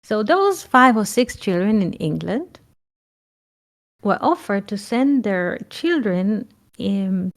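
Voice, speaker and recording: A woman giving a reflective spiritual talk, often pausing to search for words. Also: medium pitch. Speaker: spiritual teacher.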